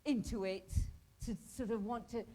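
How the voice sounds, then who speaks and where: A woman's voice: a little high, normal speed, mellow, low-quality recording. A woman from Pakistan teaching a hospital volunteer workshop, talking conversationally and quizzing the group in a training room.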